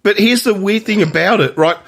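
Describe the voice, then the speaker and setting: A man's voice: high voice, a little fast, creaky, a bit bright. A man co-hosting a film podcast in casual chat, explaining at length with many restarts. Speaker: podcast co-host.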